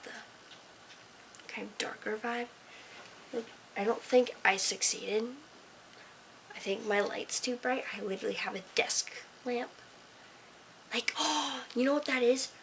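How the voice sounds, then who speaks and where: A woman's voice: on the high side, a little hiss or hum, low-quality recording. Rambling, sarcastic teenage girl. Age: teens. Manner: rambling, sarcastic, drifting between whispers and bursts of energy. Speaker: vlogger. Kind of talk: casual late-night talk to camera. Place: own room at night, lit by a desk lamp.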